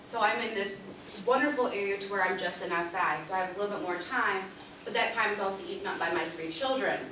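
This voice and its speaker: A woman's voice: mid-range voice, fast talker. Woman co-presenter, echoey and distant. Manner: conversational, uses "you know" and "um" often. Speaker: SI leader co-presenting. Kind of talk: workshop presentation. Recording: echoey room, distant mic, background noise.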